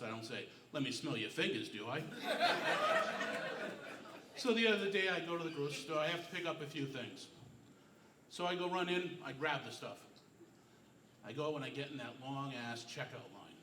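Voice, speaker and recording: A middle-aged man doing a stand-up comedy set on a club stage, telling deadpan, self-mocking stories. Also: medium pitch, reverberant, far from the mic, slight background noise. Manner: deadpan storytelling, self-mocking one-liners.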